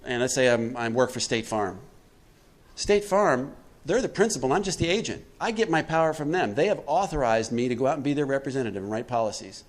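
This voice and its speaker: A man giving a recovery workshop talk, asking his listeners questions and answering them himself, acting out quotes with big swings in pitch and loudness. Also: brisk. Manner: preachy, asks the room questions and answers them; acts out quotes with animated swings in pitch and volume. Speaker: workshop speaker.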